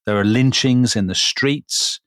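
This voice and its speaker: A man's voice: mid-range voice, a little slow, fairly bright tone, no echo, studio quality. A man co-hosting a casual history podcast, telling events in a conversational way with tag questions. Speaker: podcast co-host.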